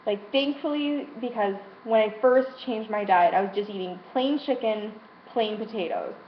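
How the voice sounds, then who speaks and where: A young adult woman speaking frankly about her frustrations in a personal vlog, emotional and swearing freely. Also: medium pitch. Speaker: vlogger. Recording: roomy, dull lo-fi sound with faint hiss.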